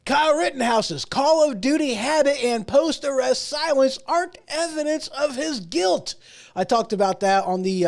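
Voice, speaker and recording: High-voiced man ranting on politics. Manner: rambling, emphatic, sarcastic asides. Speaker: host. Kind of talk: casual political commentary.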